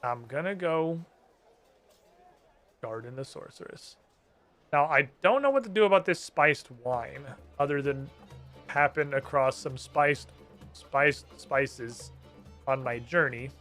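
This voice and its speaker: A man's voice: medium pitch, takes it slowly, long pauses, fairly bright tone, faint music behind. A man streaming a game, chatting casually, swearing often and reading the dialogue aloud. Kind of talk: casual gameplay commentary.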